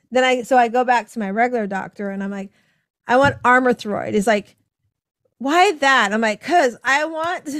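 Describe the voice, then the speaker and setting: A woman hosting a podcast conversation, animated as she tells stories and acts out the people she quotes. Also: fairly high pitch, no echo, studio quality. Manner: animated storytelling, acting out quoted dialogue with laughs. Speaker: podcast host. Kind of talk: casual conversation.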